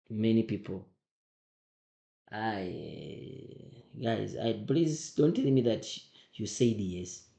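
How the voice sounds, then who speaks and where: A man's voice: lowish voice, darkish tone. Guy teaching, keeps repeating stuff and asking "you understand?", echoey room. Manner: emphatic, repeats points, fires rhetorical questions. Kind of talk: talking students through an exam memo. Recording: roomy echo.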